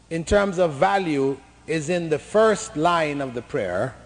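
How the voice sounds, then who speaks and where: A man with a fairly high voice delivers an emphatic, lecture-style sermon. He mocks practices he criticizes with pointed imitations. His words ring out with a long hall reverb. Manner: emphatic, mocking imitations of chanting. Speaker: preacher.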